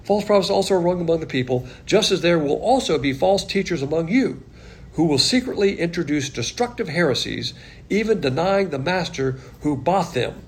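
A man's voice: fairly high pitch, lively intonation, normal speed, slight background noise. A man teaching verse by verse from the Bible in a blunt, emphatic way, with mocking asides.

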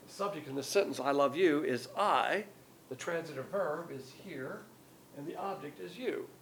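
An older man preaching a sermon, teaching in a folksy, emphatic way that jumps up in pitch on key words. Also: normal speed, gravelly, fairly bright tone, a little hiss or hum. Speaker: pastor.

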